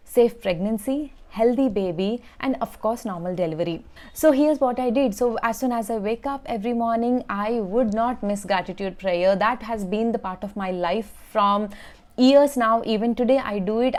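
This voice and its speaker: A woman's voice: mid-range voice, darkish tone. Earnest woman vlogger. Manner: earnest and emphatic, repeating key words. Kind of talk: personal storytelling to camera.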